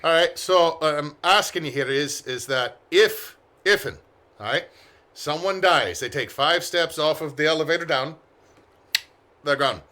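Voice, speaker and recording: Bright-voiced man questioning at the table. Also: a little high, unhurried. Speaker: tabletop game player. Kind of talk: in-character tabletop banter.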